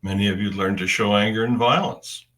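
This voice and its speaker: A man delivering a spiritual message in the first person, in deliberate, halting phrases with long pauses. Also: on the low side, fairly even intonation, fairly bright tone, distant mic.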